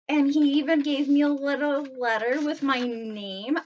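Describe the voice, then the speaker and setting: Young female vlogger, excitable and slangy, unhurried delivery, slightly muffled home recording. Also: high-pitched, a little hiss or hum. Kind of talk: casual unboxing chat. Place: her reading room at home.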